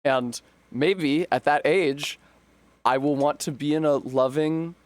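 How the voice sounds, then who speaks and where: A man's voice: fairly high pitch, slow pace. A young man from the United States chatting on a live stream, rambling and wry, swearing and laughing often. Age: young adult. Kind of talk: casual live-stream chat.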